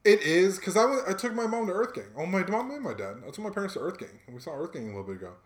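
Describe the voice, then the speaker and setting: A young man in casual chat, telling a travel story in a relaxed, slang-heavy way and getting animated when he quotes people. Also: high voice, very fast. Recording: roomy room echo.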